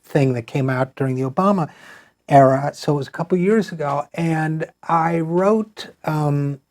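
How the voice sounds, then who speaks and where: Man, middle-aged, interview host, mellow warm voice, rambling, lots of restarts. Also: fairly high pitch, measured pace. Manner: rambling, thinks aloud with many restarts and fillers. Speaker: show host. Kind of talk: conversational interview.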